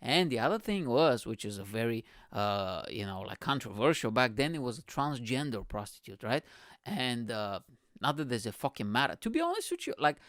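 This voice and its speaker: A young man hosting a comedy podcast, telling a story in an energetic, profane, rambling way. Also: medium pitch, dry recording, studio quality. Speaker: podcast host. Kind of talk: casual comedic podcast monologue.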